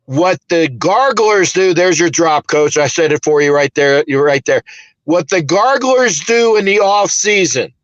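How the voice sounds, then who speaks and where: A man with a high, bright voice rambles through casual sports chat, emphatic and a little profane. The sound is close and dry, with no room around it. It comes through dull lo-fi call audio. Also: animated, measured pace, no room sound. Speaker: podcast host.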